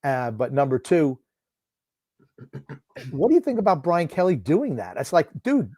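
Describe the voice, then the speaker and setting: A man's voice: a little high, sing-song, a little slow, a little mellow, no room sound. A man co-hosting a sports watchalong stream, commenting on a football game with dry, sarcastic jokes. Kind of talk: casual sports commentary chat.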